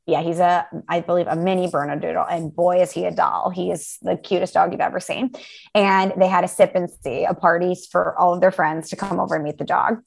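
A woman co-hosting a podcast, telling a story in a chatty, animated way with quoted dialogue. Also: lowish voice, fairly quick, creaky. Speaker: podcast co-host. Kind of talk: casual storytelling chat.

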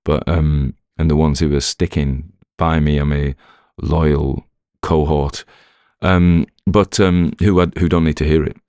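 A man's voice: extremely low pitch, steady tone, unhurried, darkish tone, smooth, dry recording, studio quality. A man with a Northern English accent, a podcast narrator talking casually and self-deprecatingly to his listeners, with many fillers and restarts. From Northern England. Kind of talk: rambling casual talk to listeners.

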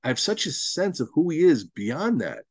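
A man's voice: fairly high pitch, very animated, normal speed, breathy edge, no echo. A rabbi giving a Torah lesson to a study group, emphatic and repeating words as he builds each point, with Hebrew and Yiddish terms mixed into his teaching.

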